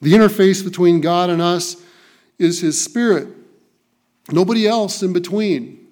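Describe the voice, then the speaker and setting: A man's voice: sits high, a little slow, long pauses, a little mellow. A man preaching a sermon, reading scripture and stressing key phrases by repeating them. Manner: emphatic, repeats key phrases, occasional restarts.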